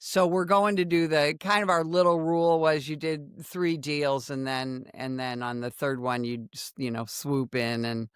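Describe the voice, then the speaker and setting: A woman in her sixties, a former undercover police officer, telling a story in a podcast conversation with dramatic, animated retelling. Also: low-pitched, moderate pace, few pauses, clear, resonant tone, no echo, studio quality. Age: 60s.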